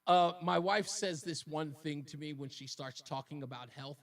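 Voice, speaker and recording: High-voiced joking radio host. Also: male voice, normal speed. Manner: joking, laughs often, self-deprecating. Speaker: radio talk show host. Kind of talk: casual call-in radio talk. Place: radio studio.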